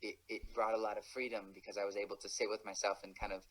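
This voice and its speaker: Man, lowish monotone voice, interview guest, measured and halting, reflective. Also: rough recording.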